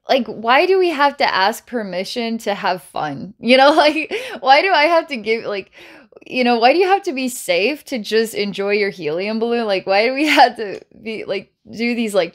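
A woman psychic healer talks through a guided energy-healing session at a medium pitch. Her manner is playful and giggly, loose and full of filler words.

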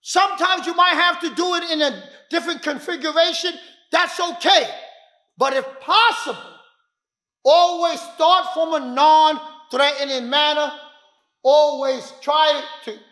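A male self-defense instructor with a very high, sharp and forceful voice. He is emphatic and street-wise, and he punches key words loudly. The sound is echoey, as if recorded in a gym. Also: measured pace. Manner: emphatic, street-talking, bursts of loud stress. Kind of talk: demonstration teaching. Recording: echoey room.

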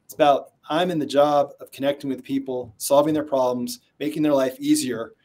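A man's voice: medium pitch, a little fast. A man being interviewed as a sales trainer, telling stories and acting out the people he quotes. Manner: animated storyteller who acts out quotes. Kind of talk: conversational interview storytelling.

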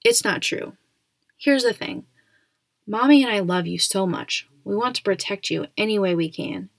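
A woman voicing a joking, excitable dad. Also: medium pitch, moderate pace, gravelly, no echo. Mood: reassuring. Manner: excitable, teasing. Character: playful, joking father.

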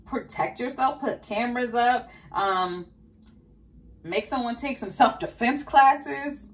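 A woman's voice: fairly high pitch, slow pace. A woman giving a casual tarot reading, urging and repeating her advice. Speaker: tarot reader.

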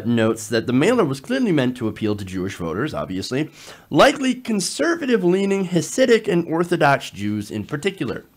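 A man giving online political commentary, talking in an animated, sarcastic way with frequent fillers. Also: mid-range voice.

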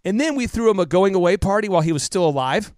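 A man in his thirties, a podcast guest telling stories with emphatic, repetitive energy that drops to a hush for emotional moments. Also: high-pitched, expressive, fast talker, dry recording, clean studio sound. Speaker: podcast guest, business coach. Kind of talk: impassioned storytelling interview.

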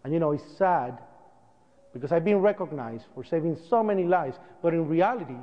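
Man, Puerto Rican accent, high voice, dull-sounding recording, speaking in a public talk. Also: a little fast, long reverb tail. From Puerto Rico. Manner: animated, acts out voices in his story. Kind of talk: public storytelling speech.

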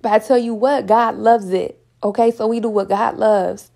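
A woman's voice: a little high, steady tone, normal speed, creaky, mellow. A woman in her own talk giving earnest, emotional spiritual encouragement. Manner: earnest, repetitive, emotional, sometimes near tears. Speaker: online Christian speaker.

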